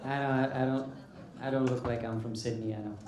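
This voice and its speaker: A man's voice: mid-range voice, fairly even intonation, a little fast, heavy background noise. A man from India with an Indian accent doing a brash, profane stand-up set on a comedy club stage with a handheld mic. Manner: brash, profane, mocking punchlines. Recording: roomy club sound with audience laughter.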